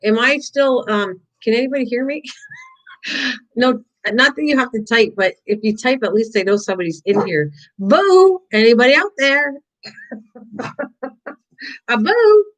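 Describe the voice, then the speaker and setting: A woman's voice: a little high, moderate pace, rough recording. An older woman hosting a live crafting stream, chatting casually and rambling to her viewers and her dog while she paints.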